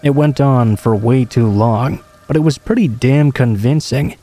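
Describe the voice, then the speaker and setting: A man calmly reading true horror stories aloud as a narrator, in an even storytelling manner. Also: medium pitch, a little slow. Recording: rain sounds behind the voice. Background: steady rain.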